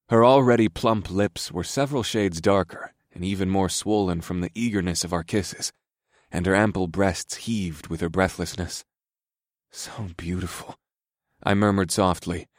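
A man narrating a story in the first person in a calm, steady, soft-spoken way. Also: deep voice, no room sound, studio quality.

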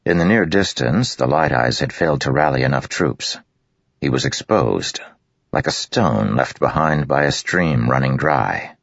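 Very deep, gravelly man narrating. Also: lively intonation, measured pace, fairly bright tone, no echo. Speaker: audiobook narrator. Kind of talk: scripted narration. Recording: dull, muffled dry recording.

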